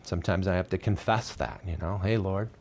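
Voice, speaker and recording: Expressive man giving a live talk. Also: a little fast, gravelly. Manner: expressive, swings from loud and high to soft and low; candid and self-deprecating, with light humor. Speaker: presenter of a parenting and faith talk series. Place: radio studio with live audience.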